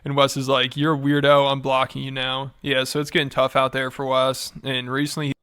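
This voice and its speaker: Male narrator, bright crisp tone, flat deadpan sarcasm, dry close recording. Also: mid-range voice, a little fast, no room sound. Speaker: narrator of a commentary video. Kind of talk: scripted commentary narration.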